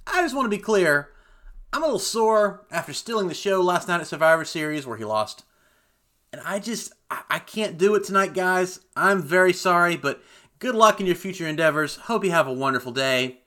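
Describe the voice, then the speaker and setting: A man's voice: high-pitched, expressive, brisk, bright, forceful tone. A man putting on a smug male pro wrestler who brushes off his rivals with mock politeness. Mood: mock-polite. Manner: sarcastic, mock-polite dismissal.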